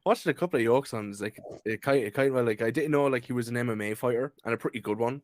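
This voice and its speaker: A man's voice: medium pitch, fast, a little mellow, no room sound, studio quality. A man with an Irish accent, co-hosting a casual podcast, retelling clips he has seen and laughing along. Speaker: podcast co-host. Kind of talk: casual chat.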